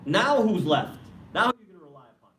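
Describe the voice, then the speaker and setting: A man's voice: high-pitched, sing-song, fast, fairly bright tone, pitched above the performer's own voice. A man putting on a mocking devil tempter. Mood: taunting. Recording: roomy hall, mic far off, faint noise.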